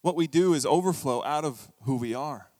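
Animated storytelling male preacher in a hall. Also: on the high side, moderate pace. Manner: storytelling, animated, acts out quoted voices. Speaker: pastor. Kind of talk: sermon. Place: church hall.

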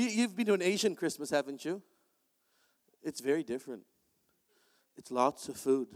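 A man preaching an energetic sermon in a large church, animated and joking with bursts of shouting. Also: high voice. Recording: long hall reverb.

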